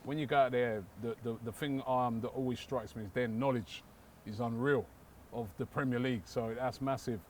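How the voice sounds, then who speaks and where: Measured male show host. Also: mid-range voice, steady tone, a little hiss or hum. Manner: measured, polite questioning. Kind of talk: casual chat.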